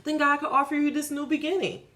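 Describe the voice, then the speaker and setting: A woman's voice: sits high, level tone, fast talker, bright, forceful tone. A woman giving a spiritual tarot reading in a casual, preachy way. She swears freely and repeats phrases for emphasis. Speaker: tarot reader.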